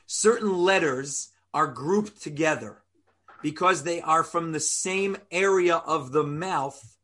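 A man teaching a Torah lesson, animated, asking rhetorical questions and sounding out Hebrew letters aloud. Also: on the high side.

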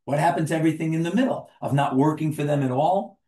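Male teacher, fairly high voice, quizzes and jokes with the class, roomy echo. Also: quick pace, mellow. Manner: asks the group questions and jokes with them. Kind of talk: interactive class talk.

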